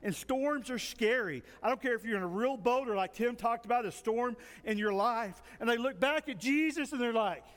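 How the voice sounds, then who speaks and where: A pastor from the United States preaching a sermon in short phrases for an interpreter, telling stories and acting out the dialogue. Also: male voice, very high-pitched, normal speed, few pauses, fairly bright tone. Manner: storytelling, acts out dialogue. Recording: long reverb in a large hall.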